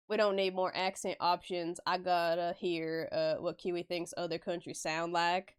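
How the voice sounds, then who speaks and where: Casual female streamer, smooth clear voice, laughs and swears freely. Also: on the low side, flat delivery, slow pace, long pauses. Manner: chatty, swears casually, laughs often, answers chat. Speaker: live-stream artist. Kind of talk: casual stream chat while drawing.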